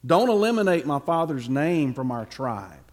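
A man's voice: on the high side, big pitch swings, moderate pace, a little mellow. A man voicing a remorseful aging king who tearfully begs for mercy in a retold Bible story. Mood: pleading. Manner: pleading, tearful delivery.

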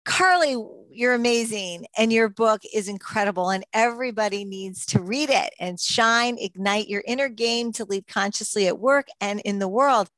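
A woman's voice: medium pitch, normal speed, few pauses, a bit bright, no room sound. Enthusiastic woman podcast host, dry sound. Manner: enthusiastic and praising. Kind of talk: conversational interview.

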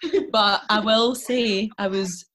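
A woman's voice: medium pitch, fairly even intonation, measured pace, a bit bright. Chatty Scottish woman in her twenties. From Scotland. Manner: chatty, laughing often, lots of fillers. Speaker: podcast guest. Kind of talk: casual chat, storytelling.

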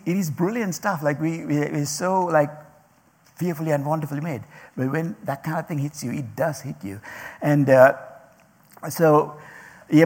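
Husky, gravelly-voiced man preaching casually. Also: fairly high pitch, long reverb tail. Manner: halting, many restarts and fillers, laughs often. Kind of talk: casual sermon.

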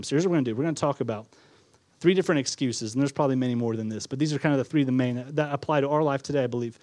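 A man's voice: medium pitch, racing, darkish tone, no echo. A male pastor preaching a sermon in a conversational way, acting out quotes with a chuckle now and then.

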